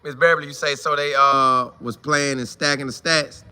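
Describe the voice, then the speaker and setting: A man's voice: medium pitch, steady tone, normal speed, sharp tone, clear, resonant tone. A man hosting a casual live fan show, greeting viewers by name and repeating his points for emphasis. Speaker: host of a college football fan show. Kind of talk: casual live-stream chat reading viewer comments.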